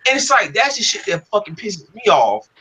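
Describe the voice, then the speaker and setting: A man's voice: sits high, huge pitch swings, moderate pace, sharp tone, breathy edge, low-quality recording. A man who makes comic books, ranting in casual talk. He swears often and acts out arguments with other people. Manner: profane, fired-up, quotes others in mock exchanges. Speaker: comic book creator and podcast host. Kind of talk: heated casual rant.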